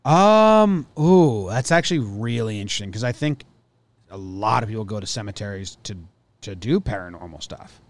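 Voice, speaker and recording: Rambling male podcast co-host. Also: fairly low pitch. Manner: rambling, halting, thinks aloud. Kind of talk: casual chat reading news stories.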